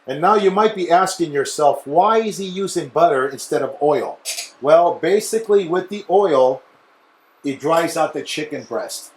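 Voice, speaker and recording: A man's voice: fairly high pitch, slight background noise. A man hosting a cooking show, chatty and instructional, often checking in with okay. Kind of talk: casual cooking demonstration.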